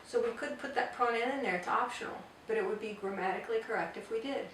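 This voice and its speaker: A woman teaching a grammar lesson, explaining step by step and repeating example phrases slowly. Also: a little high, a bit bright, slight background noise. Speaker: Spanish teacher. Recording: echoey room, voice from far off.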